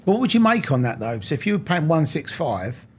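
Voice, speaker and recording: A man's voice: fairly high pitch, very animated, a little fast, breathy edge. A man hosting a podcast interview, interjecting with short, blunt questions. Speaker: podcast host. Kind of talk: casual interview.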